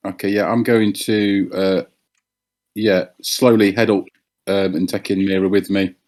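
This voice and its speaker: A man playing a tabletop game, talking casually and thinking aloud with hesitant pauses. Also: sits low, level tone, a little mellow. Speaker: player.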